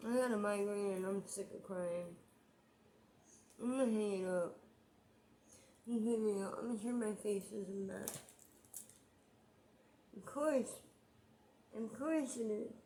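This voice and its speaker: A woman talks slowly and at length to her viewers in a personal vlog. She rambles, circles back and repeats phrases, and her frustration keeps breaking through. Her voice sits at a middle pitch. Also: warm tone, a little hiss or hum. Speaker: vlogger. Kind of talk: emotional personal vlog monologue.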